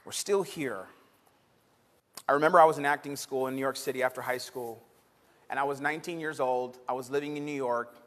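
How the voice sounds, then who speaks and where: A young man from Texas, a pastor preaching a sermon to his church, moving between loud emphatic preaching and quiet storytelling. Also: mid-range voice, steady tone, fairly quick, in a large hall. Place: church sanctuary.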